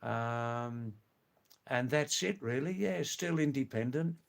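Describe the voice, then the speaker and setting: Slow-talking older man chatting live. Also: medium pitch, expressive, creaky. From England. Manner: slow, rambling, chatty with hesitant fillers. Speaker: live stream host. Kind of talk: casual live chat reading viewer comments.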